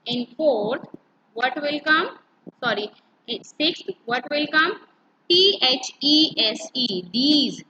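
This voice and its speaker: High, bright Indian woman teaching grammar. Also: expressive, a little hiss or hum. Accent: Indian English. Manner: explains slowly, spells words letter by letter, switches between English and Hindi. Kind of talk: online grammar lesson. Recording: dull lo-fi recording.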